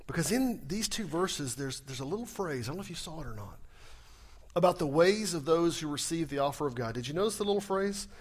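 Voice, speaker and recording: Man preaching with rhetorical questions, somewhat high. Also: expressive, a little fast. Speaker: pastor. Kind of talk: sermon.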